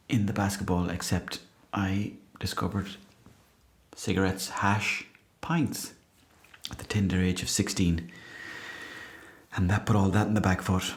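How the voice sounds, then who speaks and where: An Irish man hosting a podcast, delivering a deadpan, profane comic monologue as he reads out listener messages and mocks them with put-on indignation. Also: low voice. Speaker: podcast host.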